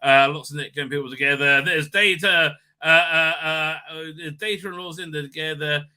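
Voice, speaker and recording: A man with a piercingly bright, tense voice sitting a little high for a man, rambling through a live recap stream. He stacks up fillers and swears casually as he goes. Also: steady tone, moderate pace, clean tone.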